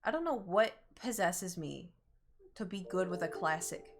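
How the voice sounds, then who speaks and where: A woman's voice: lowish voice, animated, normal speed, slight background noise. Young woman streamer, faint Southern accent, casual and talkative. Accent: slight Southern American. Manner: chatty, self-conscious about her pronunciation. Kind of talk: casual gaming stream chat.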